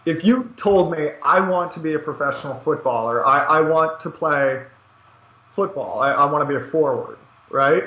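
A man with a high voice hosts a poker podcast and coaches players as he talks. He is emphatic, repeats words as he gets going and plays out quick bits of dialogue. The audio is roomy and a little dull. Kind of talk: animated podcast chat.

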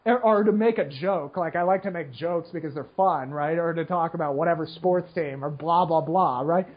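On a slightly muffled lo-fi recording, a poker player with a breathy voice on the high side rambles at a moderate pace. His casual monologue is full of fillers and repeated "right?" check-ins, and he parodies complainers in whiny voices.

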